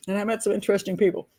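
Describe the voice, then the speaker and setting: With a mid-range, warm and slightly rough voice, an older American advice vlogger tells stories in a relaxed, chatty way. Laughter comes often, and she frequently starts her sentences over.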